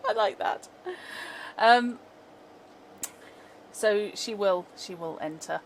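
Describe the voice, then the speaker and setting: A woman's voice: medium pitch, takes it slowly, creaky, low-quality recording. A woman with a mid-range voice chatting as a player in a tabletop game, wry and talkative. A faint hiss sits behind her. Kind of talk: casual chat at a tabletop game.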